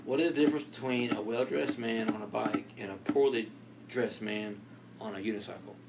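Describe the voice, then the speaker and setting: Gravelly-voiced man cracking crude jokes. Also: on the low side, steady tone, a little fast, very noisy. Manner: tells one-liner jokes, crude and swearing, laughs a lot. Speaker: podcast co-host. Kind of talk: casual joke-trading chat.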